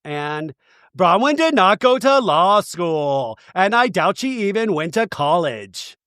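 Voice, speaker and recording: A man's voice: sits high, big pitch swings, slow pace, fairly bright tone, no room sound, studio quality, pitched above the performer's own voice, full character voice. A man voicing a blunt, gossipy woman reality star who dishes it out matter-of-factly. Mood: dishing.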